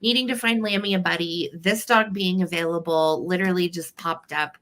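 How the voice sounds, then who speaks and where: Bright-voiced woman hosting a live sale. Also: fairly low pitch, fairly even intonation, fairly quick. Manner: chatty, greets viewers one by one. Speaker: host of a live vintage sale stream. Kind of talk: casual live-stream chat. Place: upstairs at home.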